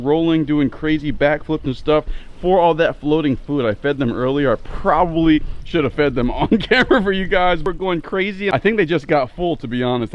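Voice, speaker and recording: A man vlogging casually outdoors by his backyard pond, filming on a cell phone and chatting excitedly to the camera and to his fish. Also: mid-range voice, muffled recording. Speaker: fishing and fish-keeping vlogger. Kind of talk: casual outdoor vlog narration.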